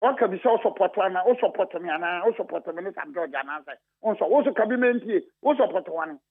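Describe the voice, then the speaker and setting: High-voiced Ghanaian man on a phone line. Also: lively intonation, brisk, husky. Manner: emphatic, repetitive, mixing English and Twi. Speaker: radio guest, party official. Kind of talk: heated radio phone-in talk.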